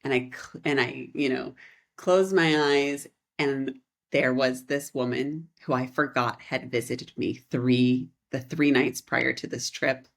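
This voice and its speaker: A woman in her thirties, a podcast co-host, telling a rambling, animated story in casual chat and laughing often. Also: extremely low pitch, slow pace, gravelly.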